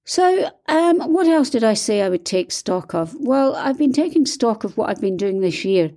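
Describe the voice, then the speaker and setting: A woman's voice: on the high side, animated, moderate pace, hardly any pauses, warm tone. A Scottish woman, an author hosting a solo podcast, talking in an enthusiastic, chatty way with frequent ums and a slightly strained throat.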